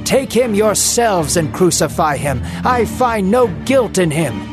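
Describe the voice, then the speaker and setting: A man's voice: high voice, sing-song, a little slow, pitched above the performer's own voice. A desperate Roman governor pleads and commands with raised voice, as a male storyteller puts him on. Music plays strongly under the dramatic storybook reading. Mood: exasperated shouting.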